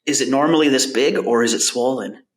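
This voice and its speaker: A man's voice: mid-range voice, fairly quick, echoey room, heavy background noise, lightly acted. A man putting on an apologetic, deferential Balinese male nurse. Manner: apologetic, deferential, repeats himself.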